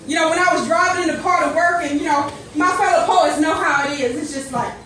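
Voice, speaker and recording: High-voiced woman performing spoken word. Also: fast talker, a bit bright, a little hiss or hum. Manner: passionate, rhythmic, preaching delivery. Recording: echoey room from far off.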